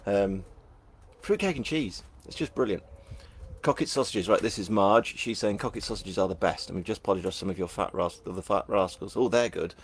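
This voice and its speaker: Reading viewer comments aloud during a live-streamed book launch, this middle-aged Northern English man keeps things casual, joking and poking fun at himself. His voice sits low and runs fairly quick, over a faint hiss or hum.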